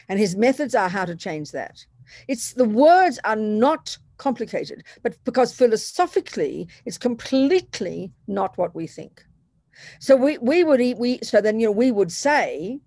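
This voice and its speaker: A woman gives a Buddhist dharma talk with a very lively, swooping voice, chatty and self-mocking. She drops into other people's voices to make her points. The recording is dry and close, with no room sound. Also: fairly high pitch, unhurried, no echo. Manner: self-deprecating, conversational. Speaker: Buddhist teacher. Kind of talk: dharma talk to a retreat group.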